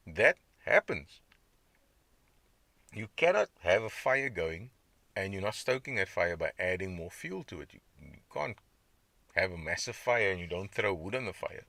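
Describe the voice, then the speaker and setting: A man's voice: sits low, sing-song, normal speed, gravelly, long pauses, pushed and bright, no echo. A man hosting his own podcast, talking in a rambling, conversational way and reacting to chat comments. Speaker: podcast host. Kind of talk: casual diet podcast monologue.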